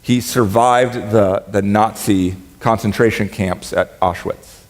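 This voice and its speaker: A man preaching a sermon as pastor, in a conversational, joking way that turns animated when he quotes. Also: lowish voice, slow. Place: church sanctuary. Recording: reverberant church hall.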